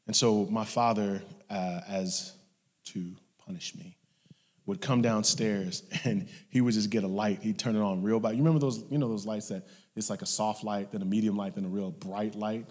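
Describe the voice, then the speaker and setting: A man preaching a sermon, telling stories and acting out his parents, dropping to hushed whispers and rising to loud shouts. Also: lowish voice, steady tone, moderate pace. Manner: storytelling, acts out family members in his anecdotes. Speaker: pastor. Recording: long hall reverb.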